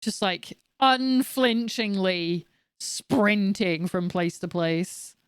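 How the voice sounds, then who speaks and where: Talking extremely slowly, a woman in her late thirties streams a game in casual chat, frank and sweary as she rants and jokes, laughing along. Her voice is medium in pitch and clean in tone, with clean studio sound and no echo.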